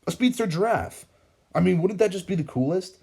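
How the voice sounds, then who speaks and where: A man's voice: on the low side, moderate pace, lightly acted. A man doing an eager, goofy guy. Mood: excited. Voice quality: eager and excitable. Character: excitable, goofy adult man.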